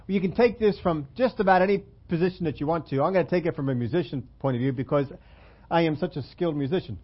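Man preaching a casual sermon, lo-fi audio. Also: fairly high pitch. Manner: conversational, self-deprecating, asks the congregation questions. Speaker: pastor.

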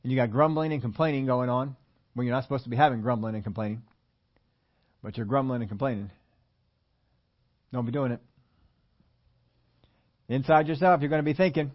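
A man preaching an animated sermon and asking his congregation questions. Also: mid-range voice, a little fast, pauses often, dull audio. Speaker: pastor.

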